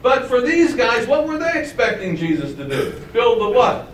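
A man's voice: extremely high pitch, sing-song, normal speed, reverberant, recorded from a distance, slight background noise, rough recording. A man preaching a sermon, teaching with rhetorical questions and asking his congregation to follow along. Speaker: pastor.

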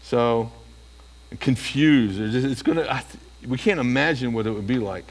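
A man's voice: mid-range voice, normal speed, in a large hall. A male preacher giving a sermon, often asking the listeners rhetorical questions.

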